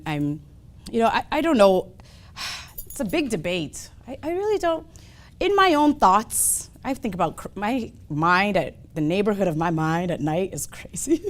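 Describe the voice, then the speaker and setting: A woman preaching, telling a parable and reflecting aloud, repeating phrases. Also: mid-range voice. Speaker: speaker at a ministry service. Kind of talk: sermon with storytelling.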